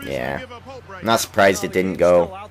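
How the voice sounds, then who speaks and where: A young man with a lowish voice talks over a basketball video game in loose, excitable commentary. He coughs now and then while getting over an illness and trash-talks the players on screen. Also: slow pace. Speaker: gaming YouTuber. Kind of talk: casual let's-play commentary.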